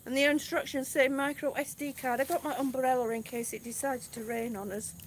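A woman's voice: sits high, flat delivery, fairly quick, a little hiss or hum. A middle-aged woman vlogging outdoors in casual live-stream chat, chatty and a little exasperated, with sighs. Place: outdoors on grass. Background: crickets and passing cars.

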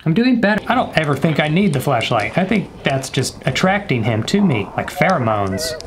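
Jokey gamer man with a lively voice. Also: a little high, brisk, noisy background. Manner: jokey, talks to the game and viewers, whispers when scared. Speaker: gaming YouTuber. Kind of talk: horror game commentary.

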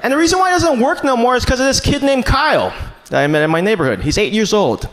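A man's voice: very high-pitched, animated, fast, fairly bright tone. A man doing a stand-up comedy set on a club stage into a handheld mic. He talks in a loose, chatty way and keeps saying "man" and "you know". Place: comedy club stage before a live audience. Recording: live club recording with audience laughter and noise.

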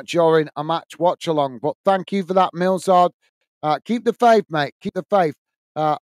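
A man's voice: a little high, no echo. Chatty man hosting a watch-along. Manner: chatty, many fillers and restarts, calls viewers mate. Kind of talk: live match commentary and chat reading viewer comments.

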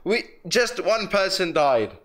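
A man's voice: high voice, sing-song, slow pace, a bit bright, slight background noise. A man giving casual, self-mocking commentary while playing a video game, swearing often and joking about his own play. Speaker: gaming channel host.

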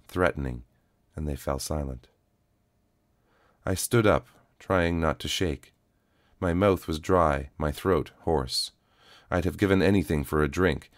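A man narrating a first-person audio story in a calm, even storytelling manner. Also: a bass voice, no room sound, studio quality.

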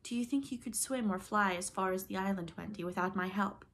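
A woman's voice: mid-range voice, fairly quick, fairly bright tone, close to an everyday voice. A woman reading a storybook, voicing a brave, wounded young boy hero with earnest, pleading lines.

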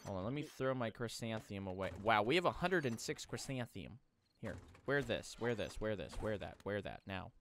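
A man's voice: lowish voice, fairly quick, a little hiss or hum. A young adult man hosting a casual gaming video, chatting with a friend, ranting and swearing in exasperation. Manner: animated, exasperated rants, swears freely. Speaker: host.

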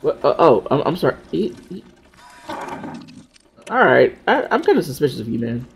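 A man's voice: on the high side, huge pitch swings, normal speed, creaky, slight background noise. A man casually commenting while he plays a video game. He chats away, stumbles over his words and lights up at cute moments. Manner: chatty, stammering, easily delighted. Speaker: gaming channel host.

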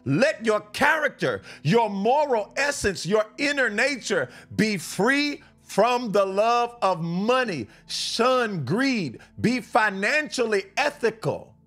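Male live-stream preacher, high voice, repeats lines for emphasis, faint music bed. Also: big pitch swings, takes it slowly, few pauses, fairly bright tone. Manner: fervent, repeats and restarts lines, switches to blunt asides. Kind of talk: live-stream sermon and Bible reading.

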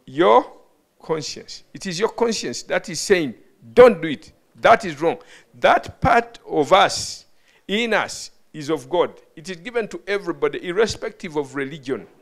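A man's voice: fairly high pitch, expressive, moderate pace, vocal fry. A man preaching a teaching sermon to a live audience in a hall, often calling questions out to listeners and stumbling over words. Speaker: bishop preaching.

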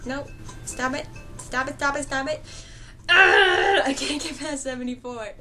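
A young woman giving casual, excitable gameplay commentary, laughing and repeating herself in panic. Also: high voice, moderate pace, soft background music. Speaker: gaming vlogger.

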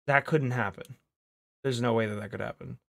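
A man streaming a game, talking casually to his chat and to a friend, excitable and profane, swinging from loud outbursts to low mutters. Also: normal speed, vocal fry. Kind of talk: casual gaming commentary. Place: home streaming setup with green screen.

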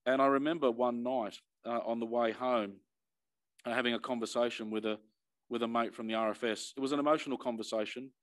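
Man, middle-aged, Australian accent, earnest, emphatic, restarts with repeated words, mid pitch. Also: fairly even intonation, a little fast. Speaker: fire and emergency commissioner. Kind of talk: earnest personal address.

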